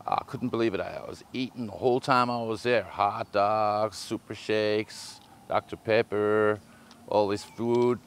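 A man's voice: fairly low pitch, steady tone, a little slow, a little hiss or hum. A man with an Australian accent giving a casual, chatty monologue, full of slang and hesitant fillers. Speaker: performer. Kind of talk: spoken monologue.

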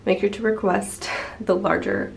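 Over background music, a woman vlogs about her travels from a hotel room and city streets in a chatty, upbeat way, though a sore throat has made her voice nasal. She speaks a little slowly in a gravelly, medium-pitched voice with little pitch movement, and the recording quality is low.

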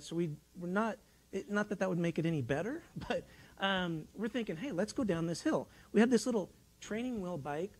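This rough recording captures a high-voiced preacher in a church sanctuary. He wanders through a childhood tale in homespun fashion, often starting his sentences over.

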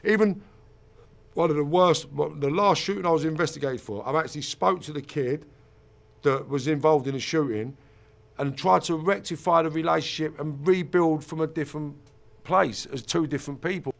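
A middle-aged man, once an offender and now a mentor and motivational speaker, tells an interviewer about his past. His voice sits fairly high and sounds creaky, moving at a moderate pace. He speaks intensely, bluntly and profanely, repeating points for emphasis.

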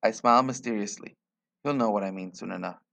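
A man reading a short story aloud in a quiet, measured way. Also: fairly low pitch, creaky. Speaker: reader.

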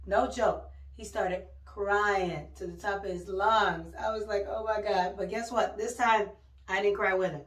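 A middle-aged woman, a mother and vlogger, telling stories in casual, chatty talk with lively exclamations. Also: medium pitch. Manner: chatty storytelling, exclaims "oh my God". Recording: roomy, mic a bit distant.

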